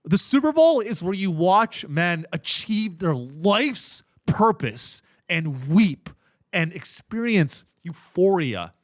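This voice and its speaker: On a comedy podcast, a male host with a high-leaning voice delivers a profane, ironic, rambling rant full of restarts. He's close to the mic, and the recording is dry.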